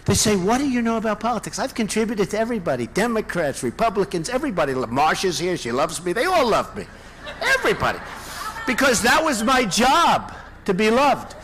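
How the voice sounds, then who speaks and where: A man's voice: high-pitched, wildly swooping pitch, fairly quick, fairly bright tone, a little hiss or hum. A man giving a campaign rally speech, boastful and rambling, with many asides to the audience. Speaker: political candidate.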